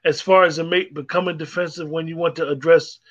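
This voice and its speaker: A man hosting a casual chat show, halting and full of fillers as he jumps in. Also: on the high side, steady tone, highs cut off, over a noisy crowd.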